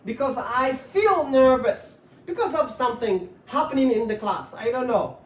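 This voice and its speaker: A woman's voice: fairly high pitch, expressive, moderate pace, roomy sound, distant mic. A woman teaching an English grammar lesson, patiently repeating words to drill the stress.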